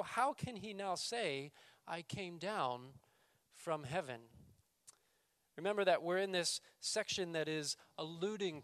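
A male pastor preaching a sermon, raising his voice for scripture quotes and dropping low and quiet for emphasis. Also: no echo. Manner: reads scripture quotes with raised voice, then drops to quiet emphasis.

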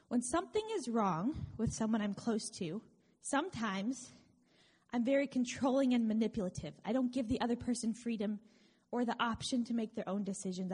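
A woman with a slightly high, breathy voice preaches a sermon. She keeps it conversational and earnest and drops in small wry asides. Her voice carries a long reverb, as in a large hall. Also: a little mellow.

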